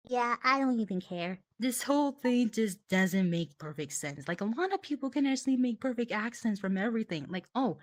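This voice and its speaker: Young woman, rambling comic monologue, filler-heavy, mock-exasperated, a bit high-pitched, dry close sound. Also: fast talker, hardly any pauses, no room sound. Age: young adult. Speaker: comedy skit performer. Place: online virtual world session.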